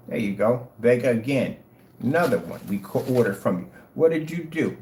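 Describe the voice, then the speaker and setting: Taunting ranting host, swooping animated voice, roomy echo, faint background noise. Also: mid-range voice, normal speed. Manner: taunting, mocking. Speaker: channel host. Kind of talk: casual rant to camera. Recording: echoey room, faint noise.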